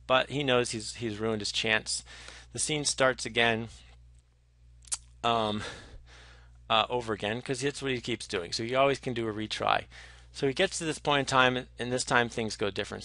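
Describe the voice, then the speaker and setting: A man lectures in a chatty, animated way, filling gaps with ums and restarting his sentences. His voice is bright and forceful, and it sounds dry and close, with no room echo. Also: mid-range voice, normal speed. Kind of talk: conversational lecture.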